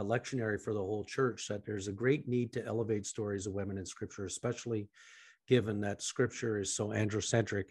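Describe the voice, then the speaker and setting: Canadian guy hosting a podcast, lowish voice, lots of ums, dry sound. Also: breathy edge, no room sound. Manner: halting, many fillers and restarts, trails off quietly. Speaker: podcast host. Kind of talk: interview questions, conversational.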